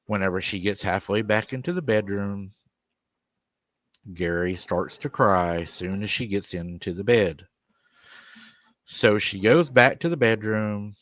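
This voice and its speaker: A man's voice: on the low side, a little slow, pauses often, a bit bright, no room sound. A man hosting a paranormal show, telling a family's haunting story at length and repeating "she said" over and over. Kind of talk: storytelling retelling an interview.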